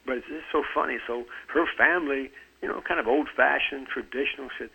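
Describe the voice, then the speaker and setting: A man's voice: mid-range voice, brisk, creaky, bright, forceful tone, husky, poor audio. A man in his seventies, an author talking about fitness in an interview, earnest, often repeating a word as he starts a sentence. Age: 70s. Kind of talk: conversational interview.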